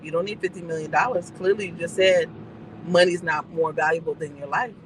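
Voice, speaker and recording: A woman driving instructor chatting casually in a moving car, telling stories and acting out the voices in them between calm, brief driving instructions. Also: lowish voice, brisk, slight background noise, poor audio. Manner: animated storyteller who acts out the voices in her stories. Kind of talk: casual chat during a driving lesson.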